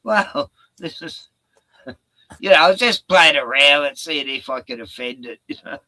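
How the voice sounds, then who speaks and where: A man's voice: fairly high pitch, moderate pace, bright, forceful tone, no echo, poor audio. A man, chatting casually on a stream, laid-back, swearing often and laughing a lot. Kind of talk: casual chat.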